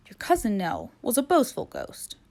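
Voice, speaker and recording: Woman reading a kids picture book out loud, lively sing-songy voice, kinda high. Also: normal speed, gravelly. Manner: expressive, playful narration. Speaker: storybook reader. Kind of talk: children's picture book read-aloud.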